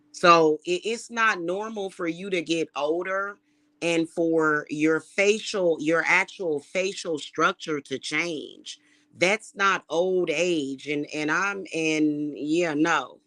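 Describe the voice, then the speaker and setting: A woman, ranting to camera in a casual vlog, blunt and animated, with profane slang. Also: fairly low pitch. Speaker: vlogger.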